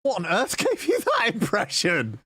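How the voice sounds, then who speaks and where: A streamer from southwest England chats. His pitch jumps around with lively energy as he jokes and swears casually. The sound is dry and close. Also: moderate pace, breathy edge, no echo. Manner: jokey, swears casually, talks to chat. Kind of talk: casual live-stream chat while coding.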